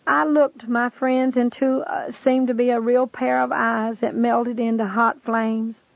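A woman's voice: fairly high pitch, flat delivery, a little slow, creaky, no echo, phone-quality sound. A woman giving an earnest, pleading testimony, telling her story and urging the listener to believe. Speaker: testimony speaker. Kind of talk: preached testimony narration.

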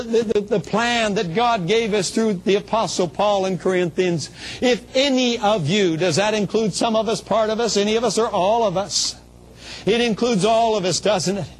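A man with a notably high voice preaches a testimony sermon. He is middle-aged and speaks with fervent, storytelling intensity, now and then tripping over small words and lifting into emotional cries. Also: low-quality recording. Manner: stumbles and repeats small words. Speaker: traveling minister.

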